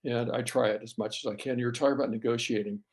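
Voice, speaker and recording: A man's voice: medium pitch, fairly even intonation, fast talker, breathy edge. A middle-aged man from the US West Coast, a photographer guest telling work stories in a casual interview, with frequent restarts and fillers.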